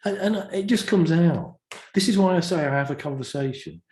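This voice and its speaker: A man's voice: fairly high pitch, fairly quick. Guy chatting, acts out convos, roomy echo. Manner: animated, acts out dialogue in stories. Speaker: guest practitioner and trainer. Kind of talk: casual storytelling chat.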